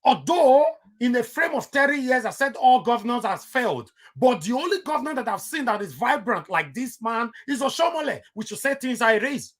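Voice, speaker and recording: A man with a Nigerian accent giving heated political commentary on his vlog, emphatic and repeating himself for stress. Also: very high voice.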